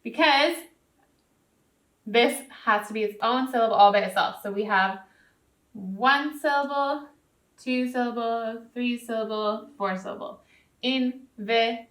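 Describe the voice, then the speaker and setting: A woman's voice: fairly high pitch, unhurried. A woman teacher giving a recorded spelling lesson to young students, patient and encouraging, often checking in with "okay?". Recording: roomy echo.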